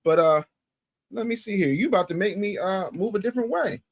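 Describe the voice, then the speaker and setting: Animated male livestream host. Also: fairly quick, gravelly. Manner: animated, swings from loud to low and muttered; emphatic, repeats phrases for effect. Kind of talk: casual livestream commentary, reading chat.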